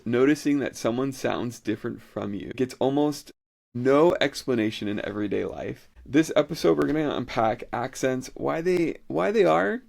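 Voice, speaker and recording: A man's voice: medium pitch, creaky, darkish tone. An American man in his thirties hosting an educational podcast, talking loosely and often restarting his phrases. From United States. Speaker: podcast host. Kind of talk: solo educational podcast talk.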